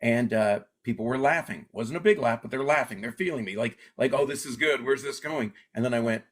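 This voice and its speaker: A man's voice: medium pitch, a little fast. A middle-aged man who grew up in Alaska, a comedian chatting casually in an interview and acting out the voices in his stories. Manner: animated storyteller, acts out quoted voices. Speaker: comedian guest.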